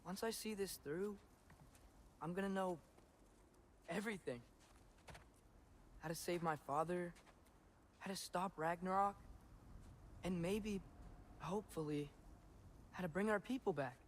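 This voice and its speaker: A man's voice: high-pitched, unhurried, long pauses, a little hiss or hum. An actor voicing an earnest, curious teenage boy hero in a video game.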